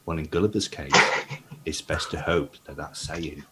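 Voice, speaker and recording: A man's voice: very deep voice, steady tone, normal speed, noisy background. A man playing in a tabletop game over a video call, reading out a character backstory with dramatic storytelling delivery. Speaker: player.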